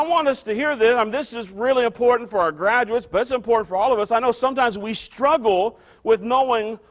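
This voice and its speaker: High-voiced man preaching a conversational sermon. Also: fairly bright tone. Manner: conversational, restarts and repeats phrases for emphasis. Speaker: pastor.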